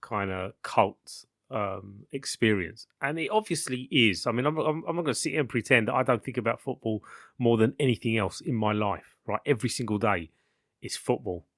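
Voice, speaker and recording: A man's voice: on the low side, gravelly, a bit bright, no echo. Jokey man chatting on a podcast, dry sound. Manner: jokey, banters and calls people mate. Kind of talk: casual podcast chat.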